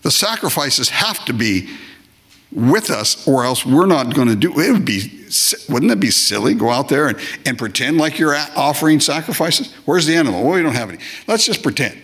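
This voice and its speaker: A man's voice: mid-range voice, very animated, moderate pace, a bit bright, husky. A man preaching a sermon, emphatic and repeating phrases, now and then acting out short comic voices. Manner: acts out short comic voices of worshippers and God. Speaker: pastor.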